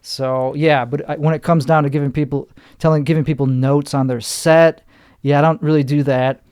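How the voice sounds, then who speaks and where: A man's voice: on the high side, fairly even intonation, normal speed, darkish tone, smooth, no echo, studio quality. A young man and stand-up comedian talking casually as a podcast guest, blunt and emphatic, with plenty of swearing.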